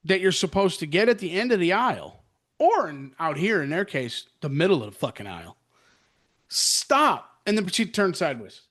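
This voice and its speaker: A man's voice: sits high, very animated, normal speed, fairly bright tone. A middle-aged man co-hosting a podcast, complaining sarcastically with lots of profanity. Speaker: podcast co-host. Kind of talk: casual chat.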